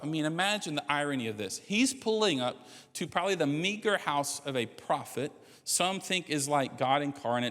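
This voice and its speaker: Playful preacher, conversational, in a church hall. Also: male voice, fairly high pitch, fairly bright tone. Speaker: pastor. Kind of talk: sermon with storytelling and humor.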